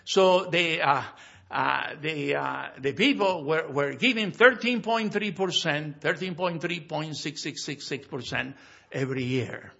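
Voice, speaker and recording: High, bright-voiced South American pastor. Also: male voice, vocal fry, lo-fi sound. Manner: slow, lifted voice when reading scripture, then quick asides and personal stories; non-native grammar and frequent restarts. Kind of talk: sermon with scripture reading.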